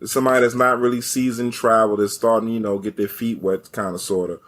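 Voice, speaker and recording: A man's voice: on the low side, flat delivery, a little fast. A man hosting a casual interview and asking his guest for travel tips in a laid-back, conversational way. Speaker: host.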